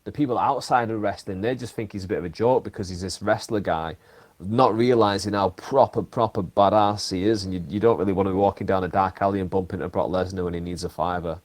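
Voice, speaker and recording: A man hosting a podcast, telling stories in an animated, emphatic way and throwing in the odd swear word. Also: low voice, quick pace. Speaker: podcast host. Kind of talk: casual chat.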